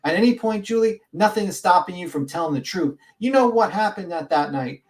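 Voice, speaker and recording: A man's voice: high voice, animated, fairly quick, far from the mic. A man voicing a riled-up male protester who rants through a bullhorn in an Old West vigilante tone. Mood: accusing.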